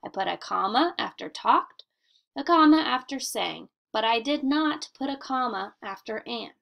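A woman teacher giving a recorded grammar lesson for children in a slow, deliberate, sing-song classroom manner with emphatic questions. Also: on the high side, expressive, creaky, a bit bright.

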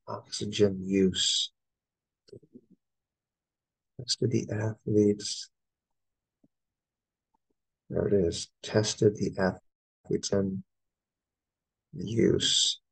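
Slow, gravelly American male English teacher. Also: fairly low pitch, level tone, poor audio. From United States. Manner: slow, spells words letter by letter. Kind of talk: spelling out test answers.

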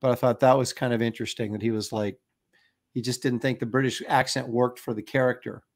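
A man's voice: medium pitch, flat delivery, brisk. A middle-aged man co-hosting a casual chat, enthusiastic and rambling, often restarting his sentences. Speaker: co-host.

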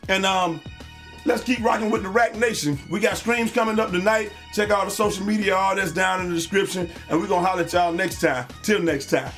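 A man hosting a video channel, giving hyped, slangy commentary over basketball highlights and shouting out the big plays. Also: steady tone, a little fast, soft background music. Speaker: YouTube host and streamer.

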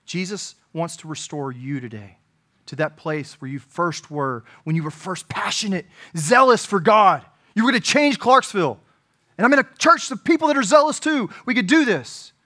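A man preaching a sermon as pastor, earnest, swinging from emphatic peaks to quiet, personal asides. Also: sits high, expressive, normal speed.

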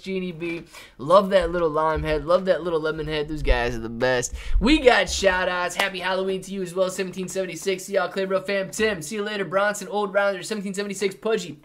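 A man's voice: high voice, fairly quick. Casual man hosting a live stream. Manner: casual, reads chat names and shout-outs, says man and dude a lot. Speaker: livestream host. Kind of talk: live market stream chat.

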